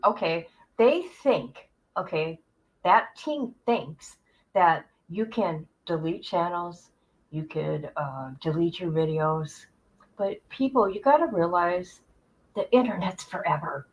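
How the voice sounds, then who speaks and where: A woman's voice: on the low side, low-quality recording. Chatty giggly woman host rambling to her viewers, takes her time. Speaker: commentary channel host. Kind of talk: casual livestream chat.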